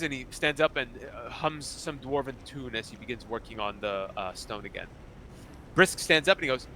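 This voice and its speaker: A man's voice: mid-range voice, lively intonation, moderate pace, sharp tone, slight background noise. A man narrating a tabletop game as its game master, loose and rambling with many fillers.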